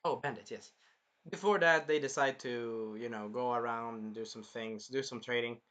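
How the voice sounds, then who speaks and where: A man hosting a casual anime review, rambling and animated, swearing freely as he recaps an episode. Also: mid-range voice, normal speed. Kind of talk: casual chat.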